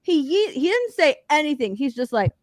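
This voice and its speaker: A woman co-hosting a casual podcast, recapping a movie in an animated, profane way and acting out the characters' lines. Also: sits high, normal speed, no echo. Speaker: podcast co-host.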